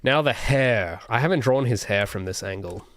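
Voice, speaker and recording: A man's voice: mid-range voice, lively intonation, moderate pace, fairly bright tone, no room sound. An Australian man chatting casually on a livestream as a solo game developer, rambling with self-mocking jokes and frequent restarts. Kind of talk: casual livestream chat while drawing.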